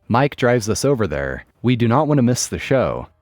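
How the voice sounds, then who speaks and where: A man narrating a forum story aloud in an expressive storytelling way. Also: medium pitch, normal speed, no room sound, clean studio sound, soft background music.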